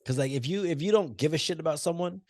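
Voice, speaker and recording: A man's voice: on the high side, fast talker, a little mellow, dry recording, clean studio sound. A man co-hosting a movie podcast, talking loosely and profanely, teasing his co-host. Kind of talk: casual chat.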